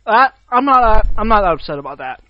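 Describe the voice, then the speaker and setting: A man's voice: high-pitched, sing-song, brisk, no room sound, muffled recording. A man co-hosting a casual chat about video games, opinionated and laughing often. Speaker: podcast co-host.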